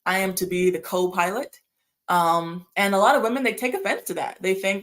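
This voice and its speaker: A woman's voice: mid-range voice, a little fast. Breathless chatty woman hosting a livestream. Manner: rambling, chatty, laughs often. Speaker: livestream host. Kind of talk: casual chat reading viewer comments.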